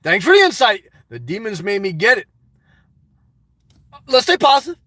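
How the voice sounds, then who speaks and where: A man with a high, bright voice rambles through a livestream, crude and excitable, jumping from thought to thought. The sound is dry and close, recorded from inside his car. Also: moderate pace, no room sound. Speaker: livestream host reading chat. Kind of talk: rambling casual livestream chat.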